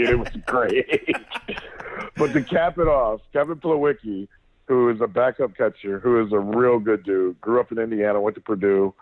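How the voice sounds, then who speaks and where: A man's voice: mid-range voice, normal speed, no room sound. Man on a tinny phone line. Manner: animated storyteller, swears, frequent restarts. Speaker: podcast co-host. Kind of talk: casual sports chat.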